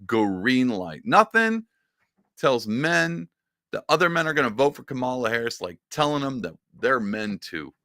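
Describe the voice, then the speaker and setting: A man talks through a casual reaction commentary with a bright, forceful edge to his voice. His pitch swings up and down freely as he mocks what he is watching. The sound is close and dry, with no room around it. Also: big pitch swings, a little slow, dry recording. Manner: sarcastic, mocking, rambling. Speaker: political commentary host.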